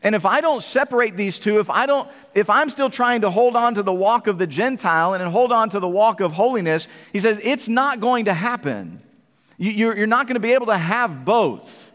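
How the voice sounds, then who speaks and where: High-voiced preacher in a reverberant church. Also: male voice, expressive, moderate pace, a bit bright. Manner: emphatic preaching, asks the congregation questions. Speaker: pastor. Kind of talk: sermon. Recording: long hall reverb.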